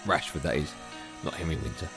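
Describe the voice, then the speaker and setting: A man's voice: rumbling low, fast talker, creaky, loud music behind the voice. A man hosting a radio sports show, introducing clips with jokey asides. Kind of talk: casual chat introducing clips.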